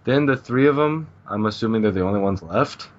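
A man's voice: fairly low pitch, lively intonation, fairly quick, highs cut off. A male podcast co-host in casual chat, hesitantly retelling a manga plot with a lot of "and he goes.". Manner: hesitant storytelling, repeating "he goes" before each line.

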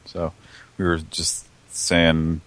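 A man's voice: sits low, monotone, drawn-out words, a bit bright. A man co-hosting a casual show over a voice call, laid-back and often laughing between jokes. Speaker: co-host.

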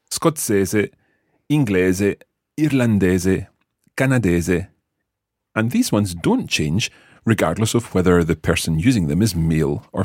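Scottish male teacher, deep and husky, dry close sound, patient lesson delivery. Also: a little mellow, no echo. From Scotland. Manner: patient, clear, modelling words for learners. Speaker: language teacher. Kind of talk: podcast language lesson.

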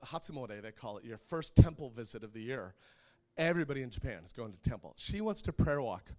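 This middle-aged man, speaking in a mid-range voice and a little fast, shares a personal story during his sermon. His delivery is lively, broken up by frequent laughter.

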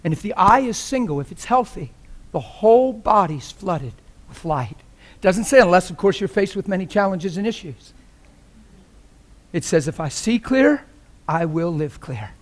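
High-voiced man preaching with fervor. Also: sing-song, normal speed. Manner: passionate, shifts between quiet intensity and loud joking; laughs often while preaching. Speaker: visiting preacher. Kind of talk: sermon. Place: church.

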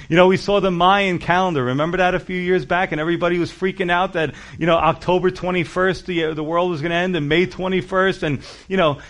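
Guy pastor preaching, earnest and urgent, kinda high voice, talks right to you. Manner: earnest and urgent, addressing listeners directly. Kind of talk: sermon.

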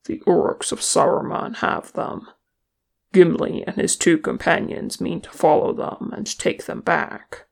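A woman reading a terse, gravelly dwarf king. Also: fairly low pitch, a little slow, exaggerated voice. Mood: stern. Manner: terse, decisive. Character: stern male dwarf king, commanding and terse.

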